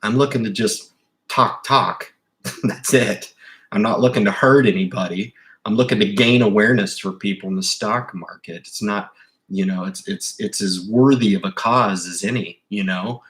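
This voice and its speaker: A man's voice: fairly low pitch, fairly even intonation, moderate pace, fairly bright tone. A man hosting a livestream about investing, talking casually and emphatically, often restarting his sentences. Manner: rambling, emphatic, with repeated restarts; insistent advice to viewers. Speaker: investing channel host.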